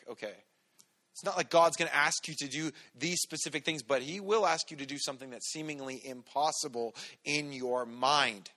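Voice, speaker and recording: A man, a pastor, giving a relaxed, conversational sermon with everyday stories. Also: mid-range voice. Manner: relaxed, storytelling, talks to the congregation directly.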